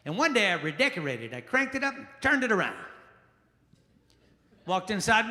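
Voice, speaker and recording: A man from Charleston doing a loud, punchy stand-up set and working the crowd in a small jazz club. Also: high voice, big pitch swings, normal speed, pauses often. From Charleston, South Carolina. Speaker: stand-up comedian. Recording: echoey club room with long reverb.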